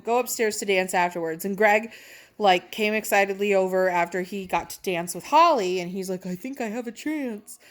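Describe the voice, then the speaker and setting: A young woman telling funny stories in a brash, profane, self-mocking way, laughing as she talks. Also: medium pitch. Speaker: comedic storyteller. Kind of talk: casual storytelling.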